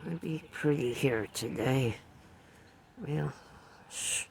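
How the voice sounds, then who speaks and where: A man vlogging casually outdoors at his bird feeders, rambling quietly to viewers on a phone camera. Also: a little high, slow pace, vocal fry. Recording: outdoor birdsong and ambient noise.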